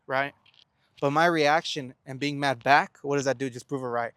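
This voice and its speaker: A young man speaks with plain, middle-pitched earnestness, working through a motivational talk by asking questions and answering them. He often stammers and restarts a word before pressing on. The sound is dry and close, with no room around it. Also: steady tone, moderate pace, fairly bright tone, clean tone, no room sound. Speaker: self-help vlogger. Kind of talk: reflective motivational monologue.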